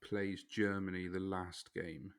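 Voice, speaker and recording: A man's voice: low-pitched, little pitch movement, slow. A young man co-hosting a casual football chat, easygoing and teasing. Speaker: podcast co-host. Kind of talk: casual banter.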